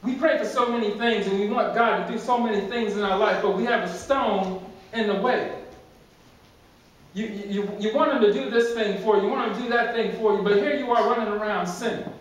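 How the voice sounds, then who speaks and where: A man's voice: sits high, fairly quick. A male pastor preaching a sermon, telling the story emphatically and repeating phrases for effect. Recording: very echoey church, distant mic.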